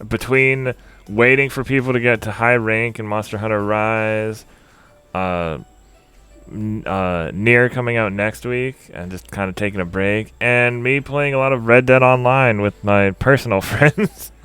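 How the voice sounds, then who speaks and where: A man's voice: lowish voice, steady tone, measured pace, a bit bright, clean tone, dry recording. A man hosting a casual podcast chat about video games, rambling a little and laughing often. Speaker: podcast host.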